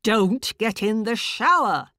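Harsh inner voice barking orders, angry and bossy, pitched up, read by a woman author, close and dry. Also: expressive, slow, sharp tone, no echo, exaggerated voice. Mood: commanding.

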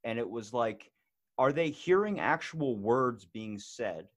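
A man with an everyday mid-pitched voice hosts a podcast. He chats loosely and jokes around, with plenty of casual swearing. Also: animated, slow pace, a bit bright. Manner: joking, loose, swears freely. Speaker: podcast host. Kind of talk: casual comedic chat.

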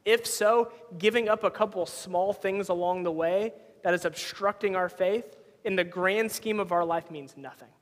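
A man's voice: sits high, moderate pace, few pauses, in a large hall. A man in his thirties preaching a sermon as a pastor, conversational and telling personal stories. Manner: conversational, storytelling with personal anecdotes.

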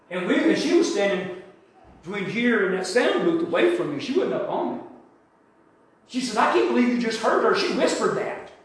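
High-voiced older preacher, echoey hall. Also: male voice. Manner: testimony storytelling that builds to shouted praise. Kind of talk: sermon. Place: church sanctuary.

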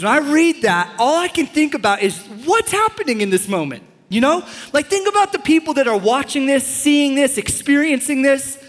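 A young man preaching a sermon as a pastor, enthusiastic and joking with sudden loud bursts. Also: very high-pitched, lively intonation, moderate pace, few pauses. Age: young adult. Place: large church hall. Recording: long church-hall reverb.

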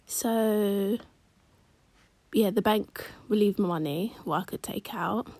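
A woman telling a personal story in a chatty, slangy vlog, often dropping into hushed asides. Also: mid-range voice, slow, no room sound. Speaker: vlogger.

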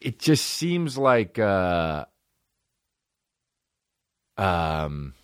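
A man with a low voice holds forth on his podcast in a loose, profane, rambling rant, breaking into mock rap rhymes. His pitch leaps and dips all over the place. The sound is dry and close, with no room echo. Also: very animated, very slow, clean tone. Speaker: podcast host. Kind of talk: casual comedic rant.

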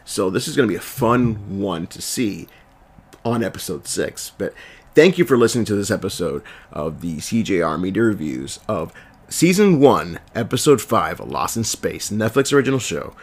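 Male podcast host, raspy from a cold, lowish voice, loose rambling delivery. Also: big pitch swings, moderate pace. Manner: rambling, with fillers and self-corrections. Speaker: podcast host reviewing a TV series. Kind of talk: casual solo review podcast.

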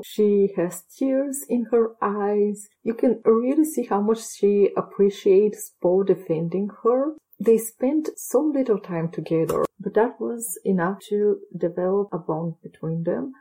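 A woman's voice: mid-range voice, warm tone, breathy edge, rough recording. A woman giving a chatty, opinionated recap of a TV episode, with wry asides and a voice. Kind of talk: casual spoken episode recap.

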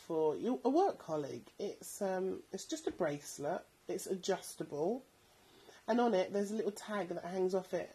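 Woman, 30s, podcast host; husky and slightly low, rambling and chatty. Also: warm tone, poor audio. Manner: chatty, rambling, many ums. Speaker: podcast host recommending bargain buys. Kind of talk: casual product recommendations.

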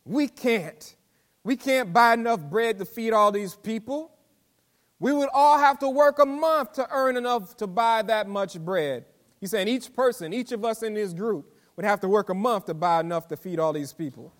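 Pastor guy preaching, kinda high voice, folksy talk, gets loud and emphatic. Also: moderate pace. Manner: preaching with call-and-response asides and rising emphatic delivery; folksy vernacular speech. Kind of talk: sermon.

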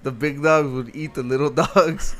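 A man's voice: a little high, fairly even intonation, normal speed, a bit bright. Laid-back swearing guy chatting. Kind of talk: casual chat.

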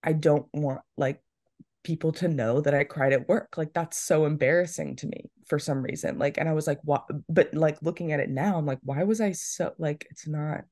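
Low-voiced chatty young woman. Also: normal speed, darkish tone, dry recording, studio quality. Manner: chatty storytelling, many "like"s. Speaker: podcast co-host. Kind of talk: casual chat.

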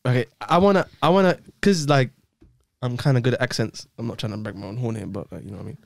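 A man's voice: medium pitch, gravelly, no room sound. A young man co-hosting a podcast, joking around, laughing often and trying out silly accents in casual banter. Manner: laughs a lot, quick and playful. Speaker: podcast co-host.

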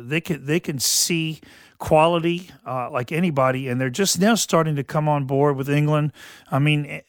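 A man's voice: a little high, no room sound, studio quality. Folksy man rambling on the radio. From southeastern Louisiana. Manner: rambling, folksy, frequent fillers and restarts. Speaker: radio show host. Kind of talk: casual sports commentary.

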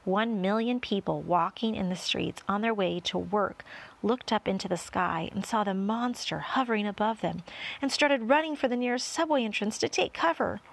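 Gravelly, husky woman reading a storybook. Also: mid-range voice. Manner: expressive, varied delivery. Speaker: audiobook reader. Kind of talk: children's storybook narration.

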